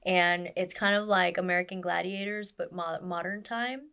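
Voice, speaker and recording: A woman who works as a stunt performer tells her story in a casual interview, speaking at a moderate pace in a fairly low, clear, resonant voice. She's animated, acting out quoted dialogue and using many fillers.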